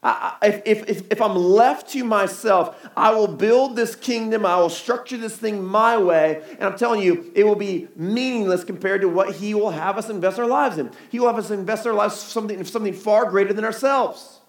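A man's voice: high-pitched, moderate pace, few pauses, echoey room. A man preaching a sermon in a conversational way, asking the crowd rhetorical questions. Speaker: pastor. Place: church hall.

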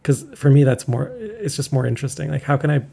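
A man's voice: mid-range voice, animated, fast talker, vocal fry, dark tone. A man from Canada hosting a podcast, chatting casually with a wry, joking manner. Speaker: podcast host. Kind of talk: casual chat. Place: home in Toronto.

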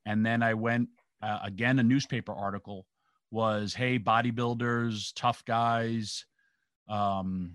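A man's voice: lowish voice, a bit bright, no room sound, clean studio sound. A middle-aged man from New York, a former pro wrestler, telling rambling stories in a casual interview and acting out the quotes. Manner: rambling anecdotal, acts out quotes.

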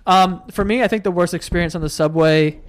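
A man's voice: sits high, fairly quick. A young man from New hosting a podcast, telling stories animatedly and swearing a lot. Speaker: podcast host. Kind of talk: casual chat.

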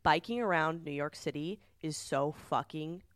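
A woman co-hosting a casual podcast chat, telling stories with animated swearing and loud quoted outbursts. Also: low voice, moderate pace, no room sound, studio quality. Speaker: podcast co-host. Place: recording space in New York.

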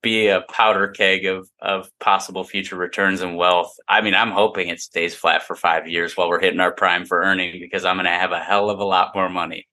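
A man's voice: deep voice, level tone, brisk, few pauses, bright, forceful tone. A young adult man, a podcast guest, explaining his views in a confident, upbeat way. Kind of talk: casual interview talk.

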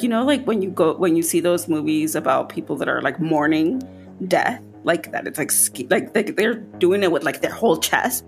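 Woman animatedly telling a spooky story. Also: gravelly. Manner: animated, voice jumping high when quoting herself. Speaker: podcast host. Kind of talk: casual storytelling.

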